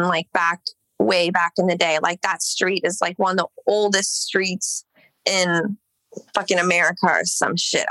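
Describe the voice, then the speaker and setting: A woman's voice: mid-range voice, gravelly, sharp tone, dry recording, low-quality recording. A young woman from Los Angeles telling a long story in casual chat, rambling with lots of "like" and swearing. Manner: rambling, heavy filler "like", swearing. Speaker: singer, podcast guest.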